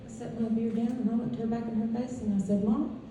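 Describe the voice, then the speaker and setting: A woman doing a stand-up comedy set, telling stories in a conversational way with deadpan punchlines. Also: a little high, fast talker, a little hiss or hum. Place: comedy club stage. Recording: echoey club heard from far off. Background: audience laughter.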